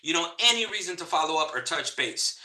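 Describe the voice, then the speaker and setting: A man teaching a live real estate training, energetic and repeating key points for emphasis. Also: fairly high pitch, brisk, echoey room, poor audio. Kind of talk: live online training talk.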